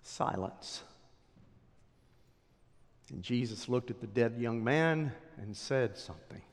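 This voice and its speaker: A pastor preaching a sermon, swinging from loud declarations to hushed whispers. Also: male voice, medium pitch, normal speed. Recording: long hall reverb.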